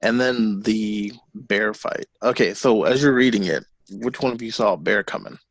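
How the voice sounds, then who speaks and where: A man co-hosting a podcast, retelling comic book scenes in a lively, animated way. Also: on the low side, moderate pace, no room sound. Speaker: podcast co-host. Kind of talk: casual chat about a comic.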